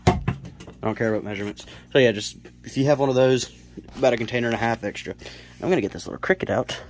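A man's voice: medium pitch, quick pace, slight background noise. A young man from South Carolina, rambling through a casual home-build tutorial in his cluttered bedroom, full of fillers and self-corrections, a bit out of breath. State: slightly out of breath. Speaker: reptile keeper vlogger.

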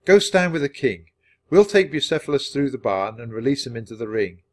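A man voicing a thoughtful, sincere young boy in a storybook reading, speaking calmly and earnestly. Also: mid-range voice, fairly quick, voice pushed up. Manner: calm, earnest, reasoning.

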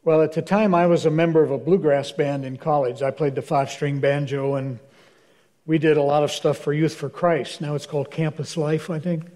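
A man's voice: fairly high pitch, fairly even intonation, fairly quick, warm tone. Older man telling wry church anecdotes. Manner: wry anecdotal storyteller, acts out dialogue. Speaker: guest speaker, minister. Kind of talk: storytelling in a church Q&A. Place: church hall.

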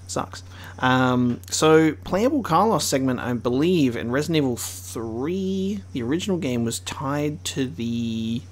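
A man's voice: medium pitch, vocal fry, a little hiss or hum. A man casually commenting on a game he is playing, chatty and swearing often. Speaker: gaming streamer. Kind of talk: casual let's-play commentary.

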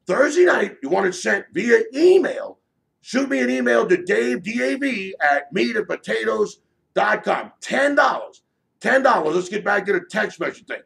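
A man working as a sports betting handicapper, shouting a brash, profane sales pitch for his picks and repeating himself often. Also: very animated, normal speed, gravelly. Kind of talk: loud promotional sales pitch.

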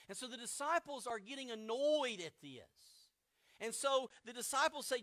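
A man's voice: very high-pitched, normal speed, pushed and bright. A man preaching a sermon as pastor, explaining scripture with vivid modern retellings.

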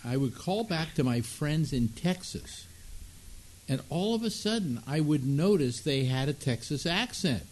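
A man's voice: fairly high pitch, expressive, a little slow, a little mellow. A man hosting a talk show, chatting casually and rambling with plenty of fillers. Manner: rambling and conversational with many fillers. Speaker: radio talk show host. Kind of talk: casual chat.

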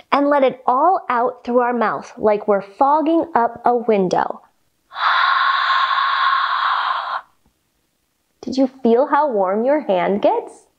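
Young woman, kids' yoga teacher, high and sing-song, unhurried, cheerful coaching tone. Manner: cheerful, encouraging, speaks to young kids. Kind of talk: guided yoga storytime for children.

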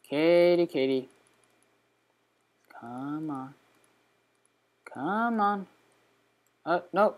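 A man hosting a let's play, giving casual, excitable gameplay commentary at his computer, chatty and breaking into sudden high squeals. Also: slow, long pauses.

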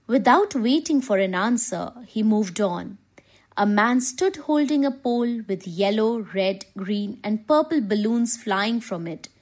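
A woman teacher reading a textbook story aloud to her class in a slow, deliberate way. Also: fairly high pitch. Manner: slow, deliberate reading with expressive quoted lines.

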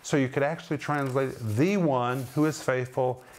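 A man teaching the Bible in sermon style, emphatic and lingering on key words with dramatic pauses. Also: mid-range voice, steady tone.

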